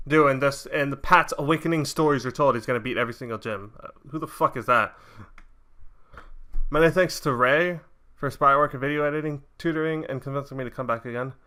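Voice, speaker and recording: Bright-voiced young man rambling a recap. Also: fairly high pitch. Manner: rambling, frequent restarts and fillers. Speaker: reaction video host. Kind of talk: casual recap commentary.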